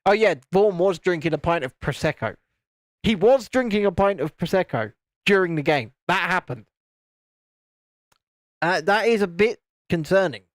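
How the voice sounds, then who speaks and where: A man's voice: animated, moderate pace, pauses often, no room sound. A man from the UK casually chatting on a live stream while building LEGO, teasing his friends and reading out viewer comments. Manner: mimics friends in higher voices.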